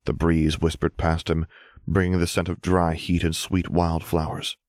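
A man reads fiction in a steady, even storytelling voice. His pitch sits very low. The recording is dry, close and without room sound. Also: moderate pace, no echo. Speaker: audiobook narrator. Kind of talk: scripted fiction narration.

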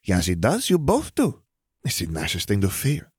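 A man voicing a cheeky, teasing young girl in a storybook reading, with a shrill, squealing voice. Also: huge pitch swings, moderate pace, husky, no echo, clean studio sound, heavily acted.

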